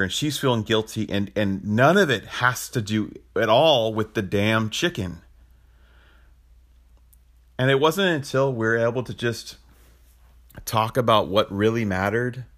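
A man's voice: medium pitch, fairly bright tone. A man in his thirties hosting a podcast, telling a personal story in a candid, reflective way, often restarting his sentences. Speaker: podcast host.

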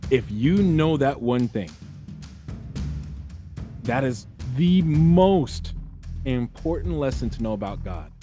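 A man's voice: mid-range voice, expressive, takes it slowly, long pauses, mellow, soft background music. A man hosting a podcast, delivering an earnest, sermon-like spiritual monologue that exhorts listeners as brothers and sisters. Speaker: podcast host.

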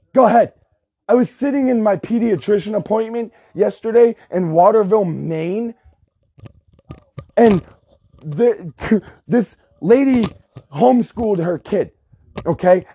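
A man of about thirty rants to camera in a high, husky voice with a dark, mellow tone. He is angry and sarcastic and swears constantly. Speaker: vlogger. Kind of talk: profane ranting monologue.

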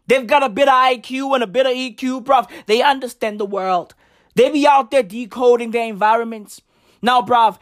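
A comedian delivering a rant full of street slang and swearing, often jumping up into shouts. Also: medium pitch, no echo, clean studio sound. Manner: slang-heavy, profane, animated swings into shouting.

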